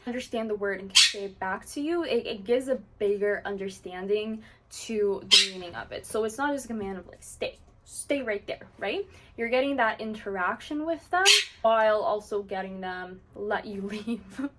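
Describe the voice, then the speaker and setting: A woman talking casually to the camera as a channel host, explaining how she does things in a chatty way and filling her talk with "like". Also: a little high. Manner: chatty and explanatory, with frequent fillers like "like". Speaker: parrot owner and channel host.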